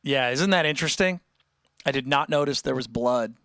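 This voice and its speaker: Bright, rambling livestream musician. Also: male voice, medium pitch, moderate pace, dry recording, clean studio sound. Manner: rambling, animated, many restarts and fillers. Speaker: musician hosting a livestream chat. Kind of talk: casual livestream chat with viewers.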